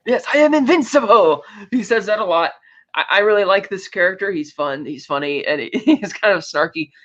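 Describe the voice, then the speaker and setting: A woman's voice: fairly low pitch, a little fast, fairly bright tone, lo-fi sound. A woman co-hosting a podcast, casually retelling film scenes and acting out the characters' lines. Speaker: podcast co-host. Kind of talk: casual movie recap chat.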